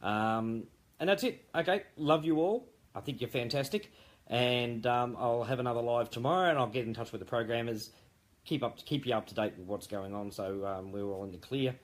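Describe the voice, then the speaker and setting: A man's voice: medium pitch, moderate pace. A man founder giving a rambling, jokey live update late at night, full of fillers and restarts.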